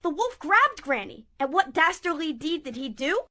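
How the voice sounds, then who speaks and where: A woman's voice: high-pitched, normal speed, noisy background. Playful woman narrating a puppet show. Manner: playful, expressive.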